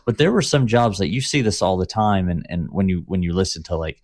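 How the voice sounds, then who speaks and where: A man's voice: deep voice, a little fast, a little mellow. A man co-hosting a podcast in casual chat, explaining history in rambling detail with many fillers. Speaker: podcast co-host.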